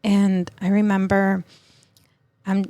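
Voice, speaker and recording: A middle-aged woman telling of a personal loss as a podcast guest, in a halting, emotional way full of fillers and restarts. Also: mid-range voice, little pitch movement, mellow, dry recording. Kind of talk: personal testimony in an interview.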